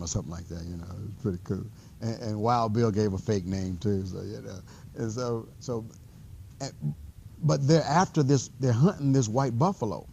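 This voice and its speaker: A male math instructor lecturing in a classroom with a lowish, mellow voice. His delivery is loose and conversational, full of restarts and fillers as he wanders through a story. A faint hiss sits under the recording. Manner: relaxed conversational teaching.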